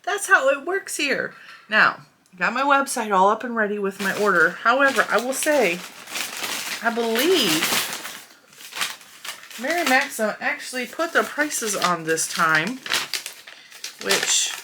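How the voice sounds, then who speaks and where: A woman's voice: fairly high pitch, sing-song, a little slow, pauses often, background noise. A woman in her forties hosting a casual yarn review vlog, chatty and candid with a playfully blunt edge. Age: 40s.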